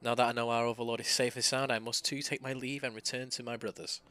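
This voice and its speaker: A man reading a stately old gentleman. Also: medium pitch, flat delivery, quick pace, dry recording, voice pushed up, natural voice. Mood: formal.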